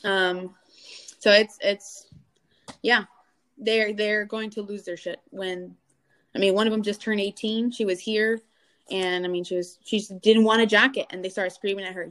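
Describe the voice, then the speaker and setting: A young adult woman guest in an interview, telling a painful family story with animated delivery and acted-out quotes of other people. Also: mid-range voice, normal speed. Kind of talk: candid personal interview.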